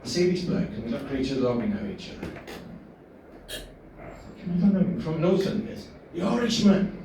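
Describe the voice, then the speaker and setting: A man's voice: mid-range voice, sing-song, quick pace, mellow. A man doing a rambling, sweary, self-mocking stand-up set in a small pub comedy room. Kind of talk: work-in-progress stand-up set. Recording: echoey room, distant mic, noisy.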